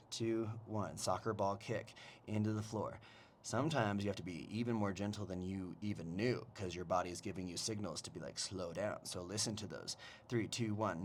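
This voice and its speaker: Over slight background noise from a lawn blower outside, a fitness instructor with a lowish voice guides a home mobility class on his new microphone. He cues each move, counts down the reps, and tosses in jokes and laughter.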